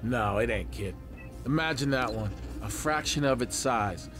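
An actor playing a blunt, gruff male military contractor in a video game, heard over game audio. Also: medium pitch, unhurried, music in the background, natural voice. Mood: scheming.

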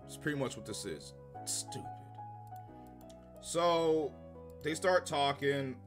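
A man giving a casual, profane, sarcastic review of a TV episode, exasperated and given to loud bursts of laughter. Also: mid-range voice, expressive, slow pace, faint music behind. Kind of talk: casual ranting review commentary.

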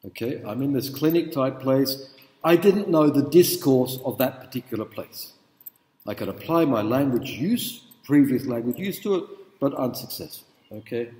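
A man's voice: a little high, warm tone. Middle-aged man lecturing in an echoey hall. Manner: informal, checks in with the audience. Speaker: university lecturer. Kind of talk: conversational lecture with anecdotes.

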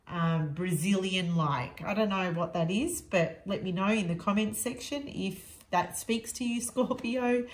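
A woman giving a tarot reading to her viewers, frank and reassuring, talking slowly with many fillers. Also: medium pitch, echoey room, low-quality recording. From Australia. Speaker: tarot reader.

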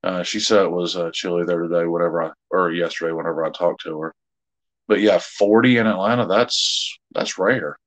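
A man's voice: deep voice, steady tone, brisk, low-quality recording. A middle-aged man, chatting casually with viewers as co-host of a live jewelry sale, rambling and easygoing with many fillers.

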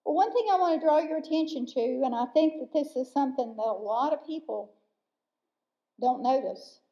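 A woman preaching a sermon in a church, earnest and emphatic, slowing down to stress key words. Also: sits high, warm tone. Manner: earnest, slow and emphatic with pauses. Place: church sanctuary. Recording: dull lo-fi church recording.

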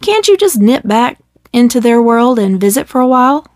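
A woman voicing a kind, worried male cat with half a tail, talking gently in a storybook reading. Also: fairly high pitch, very animated, moderate pace, dry recording, studio quality. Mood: gentle. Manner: gentle and coaxing.

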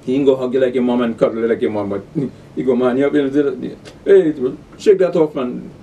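A man teaching a scripture class. He reads verses aloud slowly and then explains them, repeating key words and asking fill-in questions like "the what?". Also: medium pitch, fairly even intonation, warm tone, distant mic, dull audio, slight background noise.

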